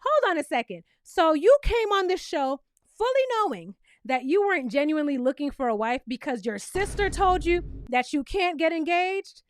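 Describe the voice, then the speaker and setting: High-voiced woman, sassy and emphatic, recapping a show, dry close sound. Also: lively intonation, normal speed, hardly any pauses, no room sound. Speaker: reality TV reviewer. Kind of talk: casual commentary vlog.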